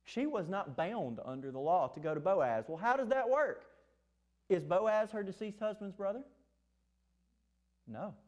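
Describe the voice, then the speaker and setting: High-voiced animated male preacher. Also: measured pace, pauses often, muffled recording. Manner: animated, acts out scripture quotes with rising pitch. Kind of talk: sermon.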